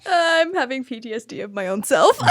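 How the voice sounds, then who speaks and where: A woman's voice: very high voice, fairly bright tone, no echo, studio quality. A young woman from California in casual podcast chat, brash, profane and self-mocking. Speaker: podcast guest.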